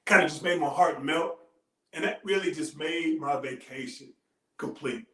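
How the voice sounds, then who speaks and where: A man giving a heartfelt motivational talk, telling a personal story with earnest, dramatic pauses. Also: on the high side, fairly bright tone. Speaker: motivational speaker. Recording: roomy echo.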